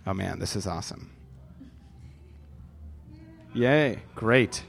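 A man's voice: lowish voice, lively intonation, takes it slowly, vocal fry, faint music behind. A man from Wisconsin chatting playfully with kids into a handheld microphone, goofy and stumbling over his words. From Milwaukee, Wisconsin. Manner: playful, goofy, stammering restarts. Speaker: visitor chatting with children at an event. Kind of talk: casual chat.

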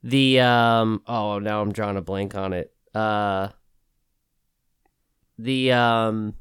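A man co-hosting a podcast in casual chat, halting and searching for words. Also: fairly low pitch, steady tone, a bit bright, clear, resonant tone, no echo, studio quality. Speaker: podcast co-host.

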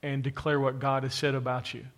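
With little pitch movement, a medium-pitched male voice delivers a slightly fast sermon. He speaks directly to a live church congregation and an online audience, stressing his message through forceful repetition.

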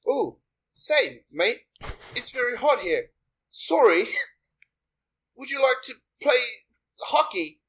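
A man's voice: very high voice, very animated, slow, pauses often, a bit bright, breathy edge, pitched above the performer's own voice, heavily acted, rough recording. A man putting on a cheery, apologetic mock-Canadian accent with Australian touches, calling people mate. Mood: jolly. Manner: bouncy, apologetic, comic. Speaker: game player.

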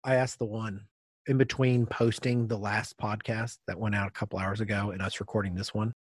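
A middle-aged man co-hosting a podcast, chatting casually and telling lively stories. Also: lowish voice, brisk, breathy edge, no echo, clean studio sound. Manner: animated storyteller, acts out quoted voices. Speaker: podcast co-host. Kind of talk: casual chat.

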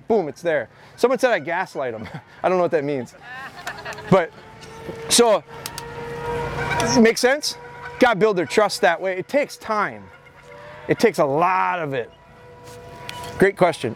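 A man who is a dog trainer giving an energetic, repetitive talk at a live training seminar outdoors. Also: high voice, normal speed, pauses often, slight background noise. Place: outdoor expo training area.

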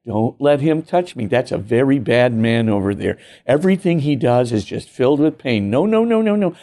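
A man's voice: mid-range voice, lively intonation, moderate pace, dark tone, close to an everyday voice. A man voicing a clinging, wheedling male lizard demon that coaxes and pleads. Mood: pleading. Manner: pleading, coaxing.

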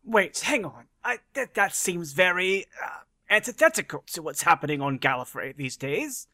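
A wry, sarcastic time traveler, played by a man in a tabletop game, speaking from inside someone else's body. The voice sits somewhat high and bright. Lines come out halting, with dry asides. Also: big pitch swings, dry recording, exaggerated voice. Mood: objecting. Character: Time Lord hero stuck in a villain's body, wry. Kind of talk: role-play in a tabletop game.

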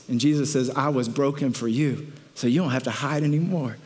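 A male pastor delivering a lively sermon, with a voice sitting a little high for a man. He tells the story with energy, slipping into playful voices for the characters and the crowd. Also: brisk. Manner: animated storytelling, acting out crowd voices with laughter.

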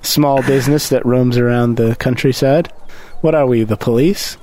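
A man's voice: medium pitch, steady tone, normal speed, warm tone, slight background noise. A man playing a tabletop game, joking and laughing often in casual chat. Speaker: player.

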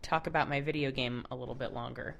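A woman's voice: a bass voice, fast talker, gravelly, lo-fi sound, a little hiss or hum. A woman co-hosting a podcast, chatting casually and telling stories with enthusiasm. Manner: animated storyteller, enthusiastic. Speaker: podcast co-host. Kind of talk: casual chat.

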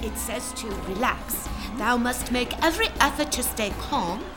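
A woman's voice: a little high, lively intonation, normal speed, music in the background, natural voice. A woman voicing a cheerful girl servant who eagerly encourages her lord.

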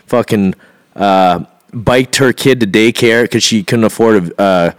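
Animated man telling stories. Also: lowish voice, a little slow, clear, resonant tone. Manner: animated storyteller, acts out quotes, swears, laughs often. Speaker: podcast co-host. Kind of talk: casual chat.

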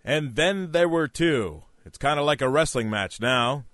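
A man hosting a comedy podcast in a mid-pitched voice, reading scripted jokes and landing punchlines with a deadpan touch. The recording is dry with no room sound. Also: a little slow, few pauses, no room sound. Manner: deadpan one-liner delivery. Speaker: podcast host.

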